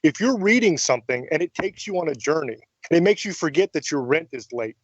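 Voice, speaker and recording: A man's voice: a little high, lively intonation, brisk, slightly rough, no echo. A man hosting a radio interview, speaking emphatically and enthusiastically, swearing casually. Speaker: radio show host. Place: radio studio. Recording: dry, muffled radio audio.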